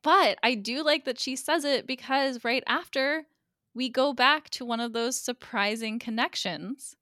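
A woman guest co-host casually recapping a TV episode on a podcast, chatty and quick to act out characters' lines. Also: sits high, sharp tone, dry recording, clean studio sound.

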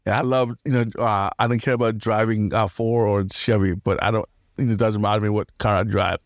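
A man's voice: on the low side, fairly even intonation, fairly quick, dry recording. Male solo podcaster, chatty and meandering, laughs between thoughts, dry recording. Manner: rambling, laughs often, restarts a lot. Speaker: podcast host. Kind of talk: casual solo podcast rambling.

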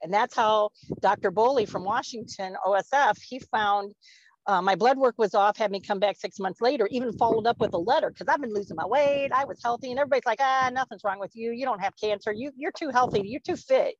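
A woman's voice: on the high side, fairly quick, lo-fi sound, background noise. A woman in her forties in casual podcast chat, rambling and laughing often as she talks. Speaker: podcast co-host.

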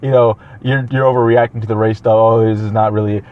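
A man co-hosting a podcast, telling stories in an animated way and laughing often. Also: on the low side, quick pace. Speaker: podcast co-host. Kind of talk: casual podcast chat. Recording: slightly dull lo-fi sound.

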